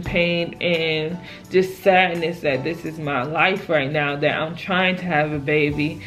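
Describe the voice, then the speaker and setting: A young woman vlogger telling her own story in a casual, emphatic and exasperated way, often dropping "child" as an aside. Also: lowish voice.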